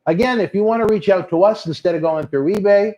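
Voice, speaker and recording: A man's voice: sits high, fast, dark tone. A man with a Boston accent hosting a live wrestling watch-along, reading out viewer comments and calling people brother. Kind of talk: casual live-stream chat.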